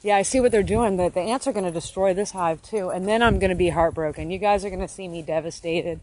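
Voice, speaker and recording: A woman livestreams from her phone outdoors, holding it as she tends her beehives. Her lowish, slightly mellow voice moves fast over faint background noise, and she swears freely while swinging between stress and delight in a casual stream.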